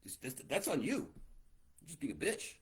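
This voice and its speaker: A man's voice: on the high side, wildly swooping pitch, normal speed, husky. A man in his forties hosting a podcast, lecturing bluntly with lots of swearing. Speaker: podcast host. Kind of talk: casual podcast rant.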